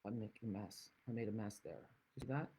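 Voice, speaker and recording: A woman's voice: rumbling low, brisk, mellow, slight background noise, rough recording. A woman from the Netherlands hosting a card-making tutorial, chatting with rambling, self-deprecating asides. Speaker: craft demonstrator and channel host.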